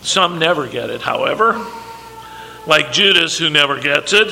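A man's voice: fairly high pitch, lively intonation, normal speed, gravelly, pushed and bright. A man preaching a sermon, emphatic, acting out quoted lines from scripture. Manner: emphatic, acts out quoted dialogue. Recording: long reverb, faint background noise.

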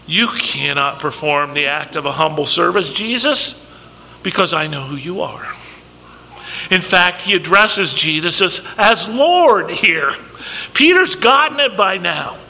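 Man preaching a sermon, bright sharp voice, long echo in a big hall, faint hiss. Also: high voice, expressive, unhurried, vocal fry. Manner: emphatic, acts out quoted dialogue. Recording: long reverb, faint background noise.

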